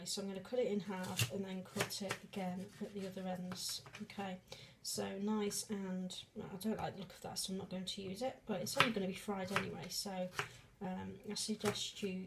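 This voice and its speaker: A woman's voice: medium pitch, little pitch movement, moderate pace, gravelly, few pauses, very noisy. A woman vlogging a casual cooking demonstration in a home kitchen, rambling and self-deprecating with many fillers and restarts, sniffing as onions make her eyes water.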